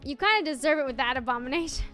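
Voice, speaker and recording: A young woman streamer chatting casually with her viewers, telling a story in an animated way with lots of laughing and fillers. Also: high-pitched, very fast, faint music behind. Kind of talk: casual live-stream chat.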